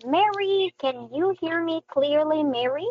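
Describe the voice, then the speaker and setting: A woman teacher coaxes a young pupil through an online English lesson in a very high, slow voice. Her pitch swoops up and down in a sing-song way. The audio comes through a dull, lo-fi video call. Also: lively intonation, no echo.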